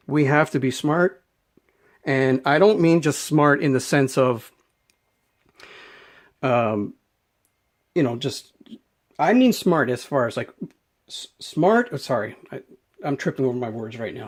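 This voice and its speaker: A man ranting unscripted to camera as a knife vlogger, emphatic and rambling, often repeating his words. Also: medium pitch. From Canada.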